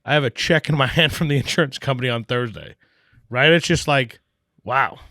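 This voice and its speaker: A man tells a story in a relaxed podcast chat, jumping into other people's voices as he goes. His voice sits mid-range for a man, and the sound is dry and close, with no room around it. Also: mid-range voice, brisk, no room sound. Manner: animated, acts out quoted dialogue, swears casually. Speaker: podcast guest, brewery owner. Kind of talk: casual storytelling.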